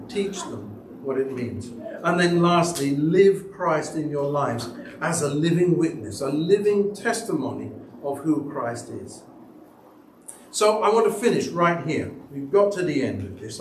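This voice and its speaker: Animated preacher in an echoey church. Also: male voice, normal speed, slight background noise. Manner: storytelling, acts out quoted people with big pitch jumps. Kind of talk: sermon. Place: church sanctuary. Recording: echoey church hall, mic at a distance.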